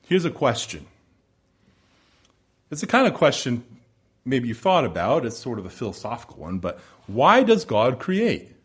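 A man preaching a sermon, building emphatic repeated phrases and dropping to hushed low endings. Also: big pitch swings, normal speed, long pauses, husky. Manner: repetitive rhetorical build-ups.

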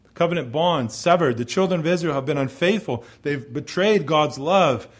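Guy giving a sermon, earnest, gets loud and emphatic then drops real low. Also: lively intonation, normal speed. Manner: earnest preaching, rising to emphatic peaks then dropping low. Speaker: pastor.

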